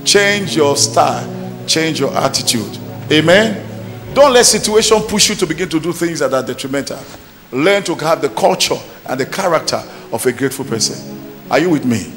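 A man's voice: on the high side, expressive, moderate pace, a bit bright, faint music behind. A male pastor preaching a sermon in church, emphatic and often asking the congregation whether they are listening. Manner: emphatic preaching with call-and-response questions. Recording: reverberant church hall with faint noise.

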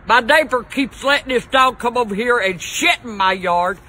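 A woman's voice: fairly high pitch, moderate pace, sharp tone, poor audio. An older woman, ranting in a foul-mouthed, cranky way through mock news and weather reports outdoors on a balcony. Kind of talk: profane comic rant to camera.

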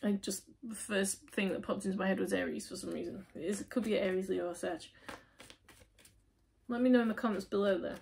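Chatty woman with a husky voice. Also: medium pitch, steady tone, a little fast, darkish tone. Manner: chatty, talks straight to the viewer, asks and answers her own questions. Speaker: tarot reader. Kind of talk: casual tarot reading to camera.

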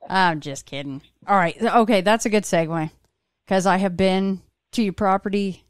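A woman's voice: mid-range voice, normal speed, clean tone, no echo, studio quality. A woman hosting an interview, telling a story in a chatty way with frequent restarts. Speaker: podcast host. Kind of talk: casual interview chat.

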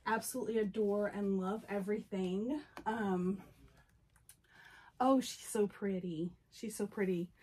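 A woman vlogging from home, gushing and excitable as she unboxes dolls and reads a friend's card aloud in casual chat. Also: medium pitch, noisy background. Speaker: doll collector vlogger.

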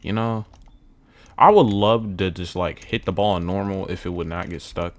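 A young man commenting casually on a video game at home, muttering low, then yelling when excited, repeating himself with lots of bro and man. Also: moderate pace. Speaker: gaming YouTuber. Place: at home indoors.

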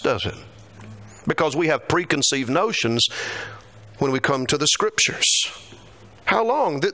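A man delivers a sermon in a church with a lively, bright voice. He swings through a wide pitch range and leans into quoted lines with dramatic emphasis. His tone is a little higher than most men's. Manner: animated, acts out quotes with rising pitch. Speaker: preacher.

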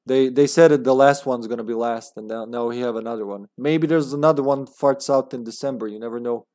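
A man's voice: mid-range voice, brisk, darkish tone. Joking, swearing game streamer man. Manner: joking, swearing, slipping into put-on accents. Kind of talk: casual gameplay commentary.

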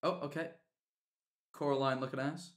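A British man streaming live, reacting to videos with excitable, swearing commentary that bursts into yelling. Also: mid-range voice, moderate pace, heavy background noise.

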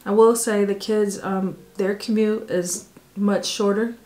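A woman's voice: mid-range voice, steady tone, a little slow, darkish tone. American woman reading viewer questions. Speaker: family vlog co-host reading viewer questions. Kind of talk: casual Q&A chat.

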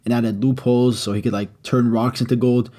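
A man's voice: mid-range voice, level tone, fairly quick, mellow. A man retelling an ancient myth in loose street slang, dropping swear words and "uh"s as he goes. His mid-range voice sounds unscripted and laid-back, like a friend recounting a story. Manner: slangy, casual, swearing, with "uh" fillers.

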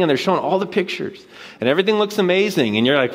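A man's voice: a little high, brisk, a little hiss or hum. A man in his early forties, from Washington State, preaching a conversational guest sermon and acting out the voices he quotes. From Washington State, USA. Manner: animated storytelling, acts out quoted voices.

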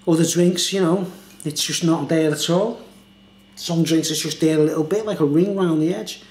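A man's voice: fairly high pitch, steady tone, normal speed, darkish tone. A tipsy man reviewing beer in a casual, meandering monologue full of filler phrases. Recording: echoey room.

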